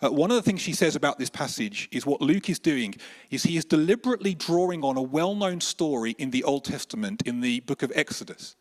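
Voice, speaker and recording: A man preaching a sermon with animated storytelling, moving between emphatic declarations and hushed, slower moments. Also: fairly high pitch.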